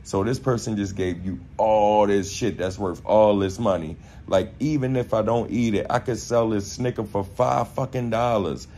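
A young man with a Baltimore accent telling a casual story, animated and profane, acting out quotes in street slang. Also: lowish voice, moderate pace, few pauses, a little hiss or hum. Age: young adult.

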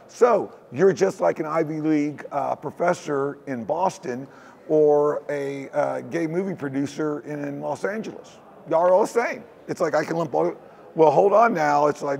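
A man's voice: fairly high pitch, unhurried, gravelly, darkish tone. A man from Texas, talking as an interview guest in a rambling, looping way. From Houston, Texas. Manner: rambling, looping phrasing with frequent "it's like". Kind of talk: casual conversational interview. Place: hacker convention floor.

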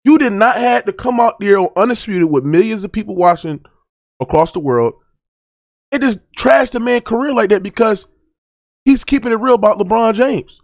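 A man's voice: high voice, brisk, dry recording, clean studio sound. A man hosting a sports debate reaction show, preaching heatedly and asking "right?" over and over. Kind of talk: reaction commentary.

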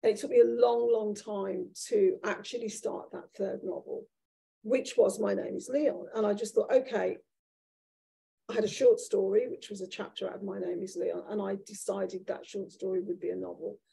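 A woman author at a live event, candidly telling a self-deprecating story from her own life in a lively, conversational way. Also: mid-range voice, moderate pace, gravelly, breathy edge, poor audio. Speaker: author guest at a live talk. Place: event room with an audience.

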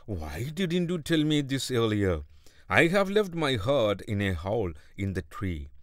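A man voicing a friendly, quick-witted male monkey in a storybook reading. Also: mid-range voice, sing-song, dry recording, studio quality. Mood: friendly, alarmed.

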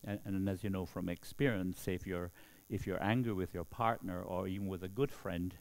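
A middle-aged man, a Buddhist monk, giving a slow dharma talk and often checking in with a questioning "hmm?". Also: low voice, steady tone, gravelly.

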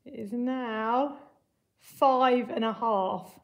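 A woman teacher with a fairly high voice walks young children through word problems and then reads them a picture book. She speaks clearly and patiently, the way you talk to a class of young kids. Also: extremely slow, muffled recording. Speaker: primary school teacher. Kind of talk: remote maths lesson and picture-book read-aloud.

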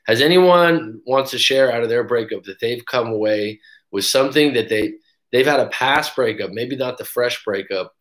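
A man working as a breakup coach, talking casually on a live stream and acting out quotes as he tells stories. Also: medium pitch. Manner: casual, animated storytelling with acted quotes. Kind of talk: live-stream book review talk.

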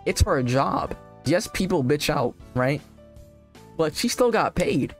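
A man's voice: on the high side, expressive, unhurried, faint music behind. Incredulous young man ranting casually. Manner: crude, incredulous, swearing a lot. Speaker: streamer reacting to posts. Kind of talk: casual reaction commentary.

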